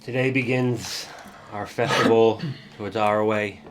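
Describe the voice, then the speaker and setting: A man's voice: lowish voice, fairly even intonation, measured pace, a crowd in the background. Rambling game master man. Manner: loose, rambling narration with fillers. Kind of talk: narrating a tabletop game.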